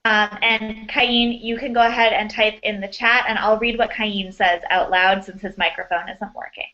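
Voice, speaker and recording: A woman's voice: medium pitch, fairly even intonation, moderate pace, pushed and bright, muffled recording. A woman teaching an online class, upbeat and encouraging, heard over a video call.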